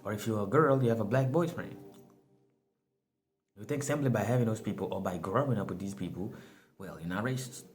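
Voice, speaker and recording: A man's voice: fairly low pitch, brisk, pauses often, soft background music. A man giving a casual motivational monologue, laughing often, swearing and calling his listeners y'all. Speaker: motivational speaker.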